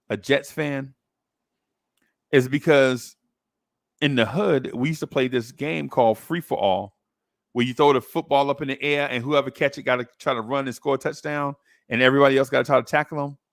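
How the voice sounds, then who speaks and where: A man in his fifties from New Jersey, hosting a podcast and telling a rambling, animated story in casual chat. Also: mid-range voice, gravelly, dry recording, studio quality. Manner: rambling, animated storyteller who acts out voices. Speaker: podcast host.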